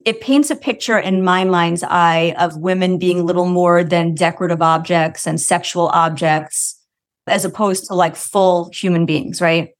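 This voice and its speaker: A woman's voice: on the low side, fairly even intonation, a little slow. A woman hosting an interview, asking careful, thoughtful questions with frequent restarts. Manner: thoughtful, hesitant, many restarts and "like". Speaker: podcast interview host.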